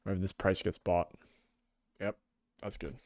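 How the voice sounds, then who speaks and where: A young man giving casual, excitable live trading commentary, swearing often and calling people "bro". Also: sits low, unhurried, gravelly, no room sound, clean studio sound. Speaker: day trader.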